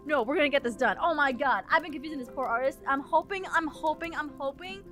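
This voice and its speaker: A young woman streaming live, chatting casually and rambling, laughing often and sometimes breaking into shouts. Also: sits high, lively intonation, fast talker, hardly any pauses, faint music behind. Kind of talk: casual livestream chat.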